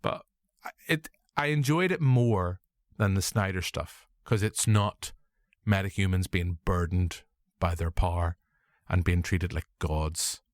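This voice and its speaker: A man's voice: low voice, unhurried, no room sound, clean studio sound. A man with a Northern Irish accent hosting a casual film review chat, jokey and full of swearing. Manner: animated, swearing, jokey asides. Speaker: podcast host.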